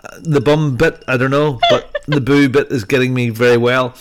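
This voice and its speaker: A man's voice: mid-range voice, steady tone, normal speed, background noise. Man, podcast host, mid-range voice, casual rambling chat, jokey. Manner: rambling and jokey, lots of fillers.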